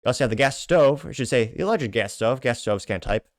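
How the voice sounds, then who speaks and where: A man with a mid-pitched voice hosts a commentary show and reads out social media replies, breaking in with sardonic asides. He talks conversationally, often correcting himself with fillers. The sound is dry and close, with no room around it. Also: animated, fast talker, no echo. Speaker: show host.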